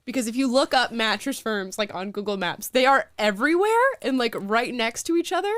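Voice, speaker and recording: A young woman hosting a live talk show in a casual, animated way, quick with asides and often laughing. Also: fairly high pitch, no echo, clean studio sound. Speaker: show host.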